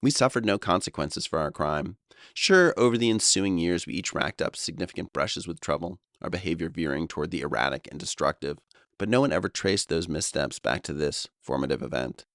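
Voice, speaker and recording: A man's voice: sits low, animated, a little fast, a bit bright, no room sound, studio quality. A man in his fifties from Long Island, New York, reading his own memoir in a wry, reflective way. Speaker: author and narrator. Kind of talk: audiobook memoir narration.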